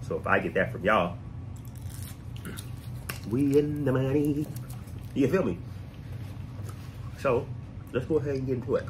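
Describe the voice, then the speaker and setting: A man's voice: on the low side, normal speed, pauses often, a little hiss or hum, rough recording. A man hosting a music reaction channel, joking and talking straight to his viewers in a casual, playful way.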